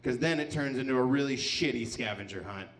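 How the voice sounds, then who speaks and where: A man in his thirties performing a stand-up set on a live stage, telling crude, self-mocking stories into a handheld mic and breaking into sudden shouts. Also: mid-range voice, brisk. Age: 30s. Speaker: stand-up comedian.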